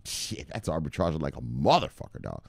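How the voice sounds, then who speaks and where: Male crypto vlogger, rowdy and foul-mouthed, pitch jumping all over, dry close sound. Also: sing-song, brisk, gravelly, a little mellow, breathy edge, dry recording. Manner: boisterous and profane, street slang. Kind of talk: casual profane commentary.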